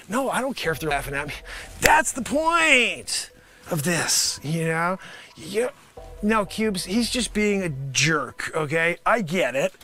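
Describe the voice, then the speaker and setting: Brash, bright-voiced rambling comic salesman. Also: a little high. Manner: swings between mumbled asides and sudden shouted outbursts. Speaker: comedy show host pitching a mock product. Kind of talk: improvised comedy sketch, one-man parody pitch.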